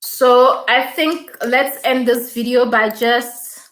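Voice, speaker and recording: A woman's voice: a little high, slow, fairly bright tone, reverberant. A woman hosting a casual YouTube live stream, chatting, reading viewer comments aloud and repeating her thanks.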